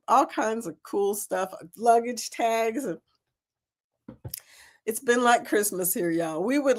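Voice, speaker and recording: Upbeat woman livestream host, lively pitch, laughs often. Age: older. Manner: bubbly, laughs often, talks to viewers by name. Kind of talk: casual live chat.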